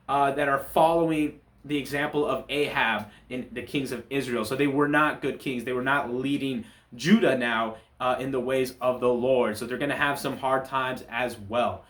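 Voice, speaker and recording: A man giving a relaxed, conversational talk on a Bible chapter, often restarting his sentences as he explains the story. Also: mid-range voice, roomy sound. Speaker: church Bible study teacher. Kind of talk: casual Bible chapter commentary.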